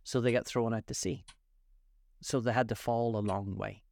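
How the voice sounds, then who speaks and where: A man's voice: medium pitch, steady tone, vocal fry, darkish tone, no echo, natural voice. A man reading a storybook aloud, voicing an impatient, bossy griffin who explains things matter-of-factly. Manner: brisk, impatient, matter-of-fact.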